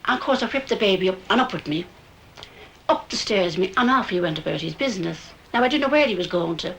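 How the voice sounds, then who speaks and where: An older woman, telling a memory in an animated way and acting out the voices. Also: mid-range voice, fast talker, slight background noise, poor audio. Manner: animated, acts out quotes. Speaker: local woman recalling. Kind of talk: storytelling reminiscence.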